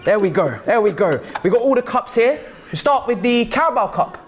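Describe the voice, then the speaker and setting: A man's voice: very high voice, animated, fairly quick. Teasing man laughing over a noisy background. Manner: teasing, chuckling between phrases. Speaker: pundit. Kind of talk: casual banter.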